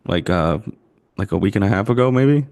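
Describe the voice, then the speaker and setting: A man's voice: on the low side, animated, fairly quick, gravelly, darkish tone. A man hosting a casual comedy podcast over a video call, loose and giggly, rambling with fillers. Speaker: podcast host.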